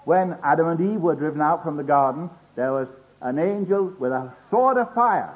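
A man's voice: fairly high pitch, animated, normal speed. An older man preaching a sermon in an earnest way, acting out the voices he quotes. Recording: tinny phone-like old sermon tape.

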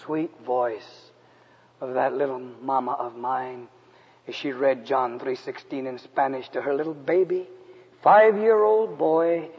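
A man preaching a personal testimony in a sermon, moving from loud, raised lines to hushed, quiet ones. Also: mid-range voice, steady tone, measured pace, breathy edge. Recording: dull lo-fi recording with long hall reverb.

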